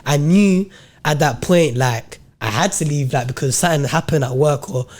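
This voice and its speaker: On a podcast, a young co-host with a slightly high voice shares a story about faith, talking at normal speed in slangy, animated fashion and voicing his own quoted thoughts and remarks.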